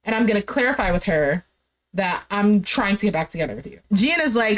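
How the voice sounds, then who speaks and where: A young woman casually recapping a dating show, chatty and animated, full of "like" and quoted dialogue. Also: mid-range voice, brisk. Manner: chatty, animated retelling with lots of "like". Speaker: recap streamer.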